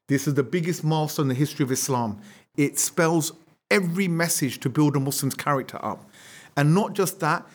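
A man with a somewhat high speaking voice gives a religious history lesson. He tells it as a lively story, acting out what people said. He keeps asking his listeners rhetorical questions. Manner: animated storyteller, acts out quotes; asks the audience rhetorical questions. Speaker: religious teacher.

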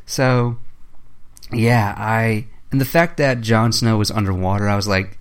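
Animated young man, low voice. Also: a little slow, clean tone. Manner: animated, profane storytelling. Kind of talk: casual chat.

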